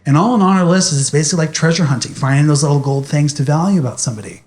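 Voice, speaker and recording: A man's voice: a little high, very fast, a little mellow. A young man speaking animatedly to an audience, telling a personal story in a motivational talk.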